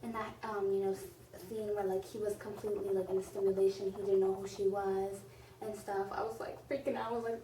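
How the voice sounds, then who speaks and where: A woman's voice: mid-range voice, flat delivery, fast, warm tone, distant mic. A woman reviewing a movie in a casual vlog, gushing and rambling with lots of "like". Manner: gushing, rambling, heavy use of "like". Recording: roomy echo, off-mic, faint noise.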